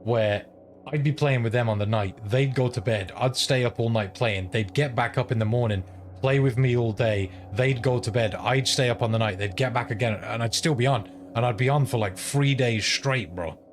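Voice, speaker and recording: A man chats casually while gaming on stream, spinning a long, profane, rambling story. His voice sits at a medium pitch and moves at a moderate pace over constant background noise.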